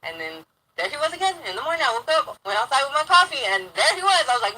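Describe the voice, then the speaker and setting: A woman's voice: sits high, sing-song, fast, sharp tone, slight background noise, low-quality recording. A young woman telling a rambling personal story in casual talk, swearing heavily and getting heated.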